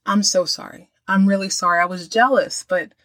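A woman playing a jealous young friend who pleads and apologizes. Her words come out earnest and a little rushed. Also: medium pitch, steady tone, fairly bright tone, natural voice. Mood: apologetic.

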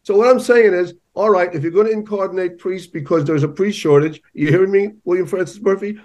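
A man's voice: high-pitched, brisk, a little mellow. A male journalist, a guest on an interview show, making his points emphatically and telling stories. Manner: emphatic, storytelling. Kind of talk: conversational interview.

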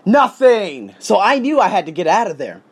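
A man's voice: sits high, sing-song, moderate pace, slightly rough. A man telling his story in a casual vlog from his condo, emphatic and swearing as he goes. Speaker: vlogger, English teacher. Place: condo room, indoors.

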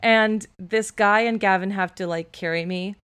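A woman's voice: medium pitch, normal speed, smooth. A woman co-hosting a podcast, telling a story in casual chat and leaning heavily on "like" as she goes. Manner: animated storyteller, filler-heavy "like". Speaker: podcast co-host.

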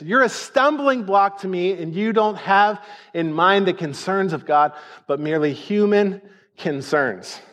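A man's voice: high-pitched, fairly bright tone. A man preaching a sermon in a conversational, emphatic way, acting out the quoted lines. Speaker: pastor.

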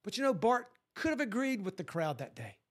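A man preaching a sermon to his congregation, animated and lively, sometimes acting out voices. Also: high voice, a little fast. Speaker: pastor.

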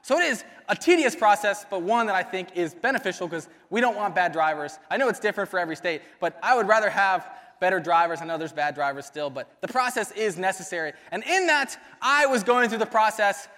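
A young man with a high voice races through a youth sermon, rambling casually with fillers and asides. His words ring out with a long reverb in a church hall. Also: lively intonation, a little fast, few pauses, bright, forceful tone. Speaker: youth ministry speaker. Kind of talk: youth sermon with personal story.

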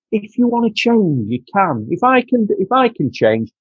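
A Doncaster man with a Yorkshire accent tells his story earnestly and candidly as a podcast guest, repeating himself and calling the host mate. His voice sits high, with a breathy, sing-song quality, normal speed and few pauses. The recording is muffled, without room sound.

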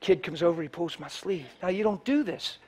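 Male preacher with a high voice, animated sermon storytelling. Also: brisk, breathy edge. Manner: animated storyteller, swings from hushed to loud.

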